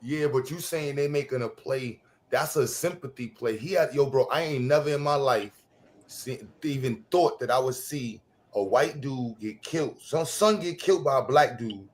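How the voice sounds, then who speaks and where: A man in a casual group debate, incredulous and animated about the topic. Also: medium pitch, moderate pace.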